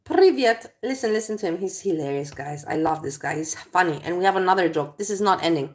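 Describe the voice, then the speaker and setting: A woman's voice: on the low side, quick pace, a little mellow. A woman hosting a casual vlog, chatting to viewers and laughing along with her companion. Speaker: vlogger host.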